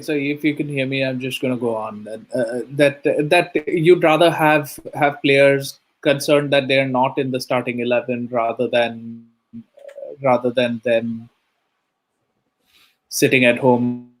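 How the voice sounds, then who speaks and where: A man on a fan podcast panel joining over a video call, talking in a measured, hesitant way with many fillers. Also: medium pitch, steady tone, low-quality recording. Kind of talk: casual fan podcast chat.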